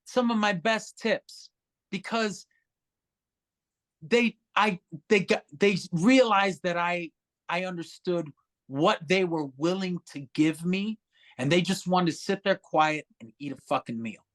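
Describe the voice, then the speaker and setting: A musician guest on a podcast tells stories in a high, unhurried voice. He's casual and animated, swearing freely and acting out other people's voices.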